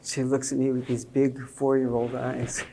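Guy preaching, tells a story about his kid, gets loud and lively on the punchlines. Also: medium pitch, moderate pace, gravelly, a little hiss or hum. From Jewish believer speaking to a congregation. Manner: storytelling, animated, rising to emphatic peaks. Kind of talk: sermon with personal story.

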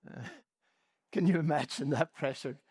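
A man preaching a sermon, with measured delivery and emphatic repetition that lingers over key phrases. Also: a little high, darkish tone, husky, no room sound, studio quality.

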